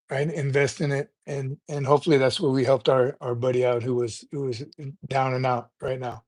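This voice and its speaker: Speaking briskly with a flat delivery and a mid-range, darkish voice, an older livestream host chats casually. He rambles conversationally, often repeating words as he works out what to say.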